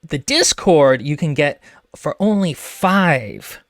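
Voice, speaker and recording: A man's voice: fairly high pitch, animated, moderate pace, fairly bright tone, no room sound. Jokey guy rambling about a book, lots of ums, dead dry sound. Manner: wry, joking, rambling with fillers. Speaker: podcast co-host. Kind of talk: casual book-club chat.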